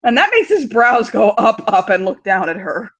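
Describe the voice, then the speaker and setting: A woman's voice: medium pitch, sing-song, moderate pace, highs cut off. A woman narrating as game master, giggly and full of fillers.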